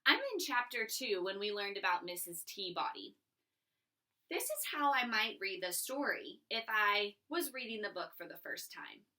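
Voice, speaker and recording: Bright-voiced, expressive woman teacher. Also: mid-range voice, moderate pace. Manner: expressive, encouraging, sing-song. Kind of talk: recorded reading lesson for young children.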